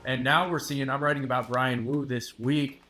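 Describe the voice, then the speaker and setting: Steady-voiced male sports reporter. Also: mid-range voice. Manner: measured, confident analysis with steady emphasis. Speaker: newspaper sports reporter, guest. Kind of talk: casual chat.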